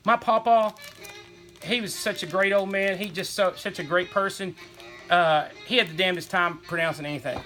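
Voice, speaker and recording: A man's voice: high-pitched, steady tone, moderate pace, bright, forceful tone, soft background music. A middle-aged man, rambling enthusiastically as he shows off his toy collection. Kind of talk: casual show-and-tell chat.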